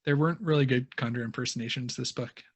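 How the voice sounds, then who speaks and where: A man's voice: mid-range voice, fast. A man co-hosting a book podcast, speaking casually and hesitantly, often restarting and trailing off. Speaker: podcast co-host.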